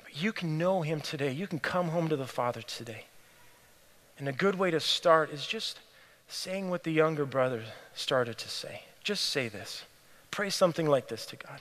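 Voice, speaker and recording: A man preaching a sermon, telling a story in an earnest way and often dropping to a hushed, near-whispered voice. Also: fairly high pitch, expressive, normal speed. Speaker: pastor. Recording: long hall reverb.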